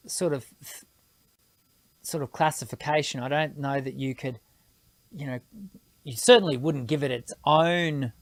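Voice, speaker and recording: Low-voiced woman teaching singing. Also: no room sound. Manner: thinks aloud, explanatory, with technical vocal terms. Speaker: singing teacher hosting a live Q&A. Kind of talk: live-stream Q&A, answering viewer questions.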